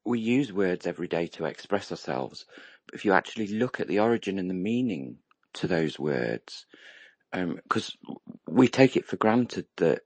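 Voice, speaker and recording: Englishman, very low husky voice, dry sound, hesitant musing regular in a group chat. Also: expressive, moderate pace, darkish tone, no room sound. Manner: musing, hesitant with many ums and restarts. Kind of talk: casual online group chat.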